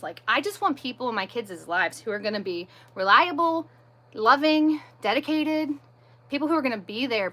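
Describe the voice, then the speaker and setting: Woman livestreamer with a bright, forceful voice; emphatic, repetitive venting. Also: a little high. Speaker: livestream host. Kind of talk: casual livestream chat.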